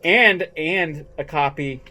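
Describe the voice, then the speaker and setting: An easygoing man with a fairly high voice co-hosts a casual podcast chat. He banters with his partner and keeps nudging the talk along. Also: slow, bright, forceful tone. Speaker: podcast co-host.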